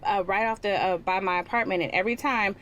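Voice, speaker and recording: A woman's voice: mid-range voice, fast talker, a bit bright. A woman on a podcast, talking casually and with enthusiasm. Her voice sits in the middle range, with a faint hum of room noise behind it. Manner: enthusiastic, conversational. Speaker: podcast co-host. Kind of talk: casual chat.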